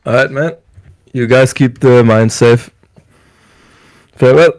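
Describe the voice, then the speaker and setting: A man's voice: medium pitch, slow, no echo. A man playing an old male dwarf fighter, a war veteran and miner, speaking plainly and briefly. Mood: friendly.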